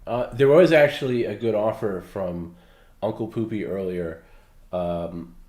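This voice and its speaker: A man's voice: lowish voice, measured pace, darkish tone. A male co-host with a stuffy, nasal voice, wrapping up a live show in a rambling, wry way full of fillers. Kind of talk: casual sign-off chat. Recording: roomy echo.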